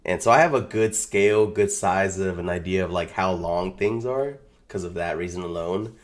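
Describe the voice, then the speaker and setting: A man's voice: low-pitched, moderate pace. A man co-hosting a podcast in casual chat, easygoing and slangy, laughing often. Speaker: podcast co-host.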